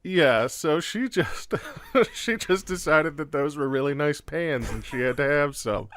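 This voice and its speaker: A man co-hosting a podcast in casual chat, relaxed and easygoing. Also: a little high, a little slow, slight background noise. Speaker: podcast co-host.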